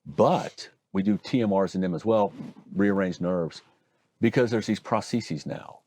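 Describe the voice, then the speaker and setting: A middle-aged man from Oregon, a hand surgeon telling stories and explaining procedures in a folksy, animated interview manner. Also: on the low side, measured pace. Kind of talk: conversational interview storytelling.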